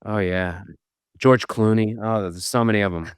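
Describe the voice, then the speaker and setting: A middle-aged man from Boston, an actor telling self-deprecating stories as a podcast guest, with halting restarts. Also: fairly low pitch, steady tone, clean tone, no echo, clean studio sound. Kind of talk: casual storytelling interview.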